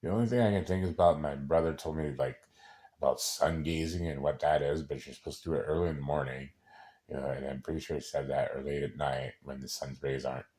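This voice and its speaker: A man with an extremely deep, low voice talks in a loose personal monologue. He wanders from point to point, swears often and breaks off to restart his sentences. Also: fairly even intonation, a little mellow. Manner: rambling and profane, with many halting restarts.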